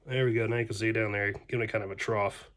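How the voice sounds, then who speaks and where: A man's voice: on the low side, steady tone, quick pace, fairly bright tone. A man teaching pottery at the wheel in his studio, talking in an offhand, folksy way and tossing in playful sound words. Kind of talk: casual hands-on demonstration.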